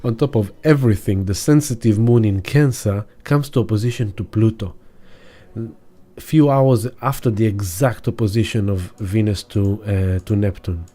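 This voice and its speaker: Mellow-voiced man musing on astrology. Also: fairly low pitch. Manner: reflective and halting, with fillers and restarts. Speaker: astrologer and sound healer. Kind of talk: casual weekly astrology talk.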